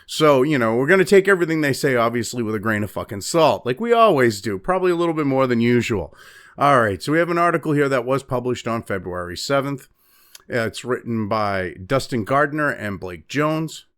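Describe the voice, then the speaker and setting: A man's voice: medium pitch, big pitch swings, brisk, fairly bright tone. A man from New Hampshire hosting a profane political commentary show, ranting with heavy swearing and lots of fillers. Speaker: host.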